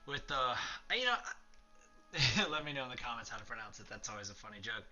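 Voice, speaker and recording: A man's voice: medium pitch, expressive, fast, pushed and bright. A young man hosting a let's play, chatting casually and rambling through history with lots of fillers. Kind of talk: casual gameplay commentary.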